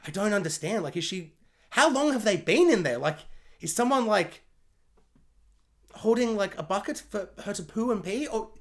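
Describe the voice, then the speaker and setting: A man's voice: high voice, big pitch swings, moderate pace, pauses often. A man giving a casual spoiler film review, rambling with lots of "like" and firing off questions.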